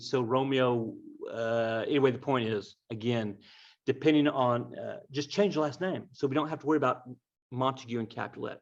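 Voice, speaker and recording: A teacher retells a story to his class in a joking, lively way, often turning to address the students. His voice sits at a middling pitch, and the recording is dull and slightly muffled. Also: normal speed. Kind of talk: humorous storytelling lesson.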